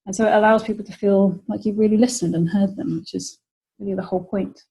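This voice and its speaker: A woman's voice: medium pitch, steady tone, fast talker, mellow, breathy edge, rough recording. A British woman presenting a webinar lecture, explaining ideas and acting out example phrases for clients.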